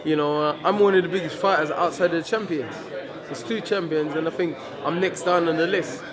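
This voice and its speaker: Brash heavyweight fighter, defiant and repetitive, raised pitch over crowd chatter. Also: male voice, brisk. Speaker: professional heavyweight boxer. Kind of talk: casual press interview.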